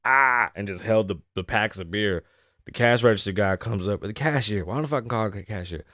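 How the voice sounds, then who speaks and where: Low-pitched dude telling a wild story, cussing and laughing, dry sound. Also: male voice, brisk, no echo. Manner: profane, animated storytelling; laughs often between lines. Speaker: host. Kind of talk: casual story time.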